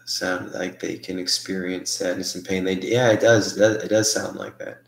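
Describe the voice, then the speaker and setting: A man with a low, deep voice talks through his ideas for an online audience, stopping and restarting his sentences as he thinks aloud. The sound is roomy and echoey. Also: flat delivery, normal speed, vocal fry. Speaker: host of a live paranormal stream. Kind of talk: casual live-stream chat with viewers.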